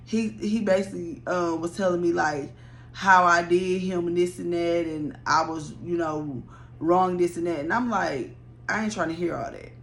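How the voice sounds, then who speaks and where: Young woman, blunt and animated, talks straight to her viewers, swears freely; light background hum. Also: lowish voice, gravelly. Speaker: storyteller. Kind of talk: casual story time.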